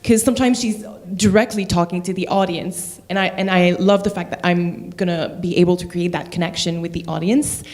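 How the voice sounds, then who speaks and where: A woman's voice: fairly low pitch, fairly even intonation, brisk, few pauses, darkish tone. A woman from Quebec with a French Canadian accent, an actor chatting about her role in a stage play and laughing often. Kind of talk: interview chat.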